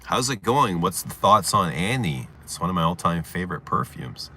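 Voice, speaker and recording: Low, bright-voiced man telling stories. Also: moderate pace. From Canada. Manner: animated, laughing often, swearing, acting out shouts. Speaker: livestream host. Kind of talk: casual storytelling chat.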